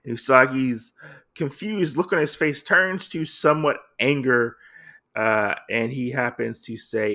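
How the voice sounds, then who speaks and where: A man hosting a podcast in a casual recap of a comic story. He talks at a middle pitch with a gravelly edge, and he rambles along with a lot of fillers. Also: unhurried, sharp tone. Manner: rambling, filler-heavy retelling. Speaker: podcast host.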